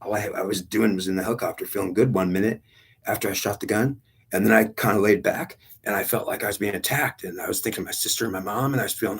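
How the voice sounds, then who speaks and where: Older man, low husky rambling voice. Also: very fast. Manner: repetitive, blunt and profane, retelling a past experience with strong feeling. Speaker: speaker recounting his own spiritual experience. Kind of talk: rambling personal testimony.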